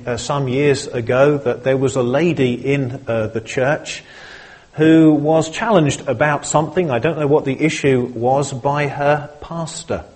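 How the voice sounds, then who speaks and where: Slow, husky-voiced male preacher. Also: medium pitch, darkish tone. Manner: measured, earnest preaching with small restarts. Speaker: pastor. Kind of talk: sermon.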